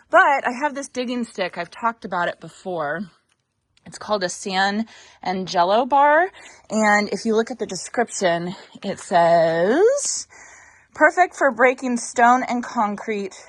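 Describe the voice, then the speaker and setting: A woman's voice: mid-range voice, no room sound. A woman hosting a casual gardening vlog outdoors, chatty and a little out of breath from digging. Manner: chatty, thinks aloud with fillers. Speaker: gardening channel host.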